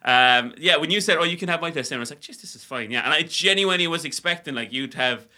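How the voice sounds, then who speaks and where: A man's voice: fairly high pitch, animated, quick pace, sharp tone. A young Irish man co-hosting a podcast, swearing through mock-wounded banter in casual chat. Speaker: podcast co-host.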